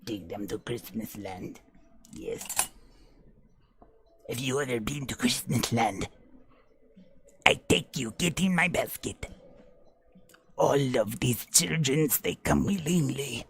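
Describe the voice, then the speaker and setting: A man voicing a sly, child-snatching Krampus in coaxing, broken English, mostly hushed and partly whispered. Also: mid-range voice, lively intonation, slow pace, gravelly, pauses often, slight background noise. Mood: sly menace. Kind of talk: playful improvised character voice.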